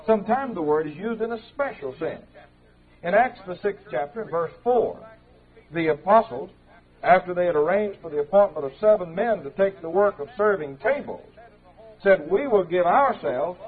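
A man teaching an evening Bible class in a church, speaking in a measured, conversational way with small slips and restarts. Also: high voice, expressive. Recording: tinny, narrow-band old tape recording.

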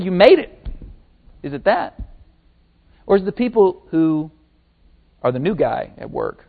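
A man preaching a sermon, retelling a story with lively acted-out quotes. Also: on the high side. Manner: animated storytelling, acting out quotes. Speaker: pastor. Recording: tinny phone-like sermon recording.

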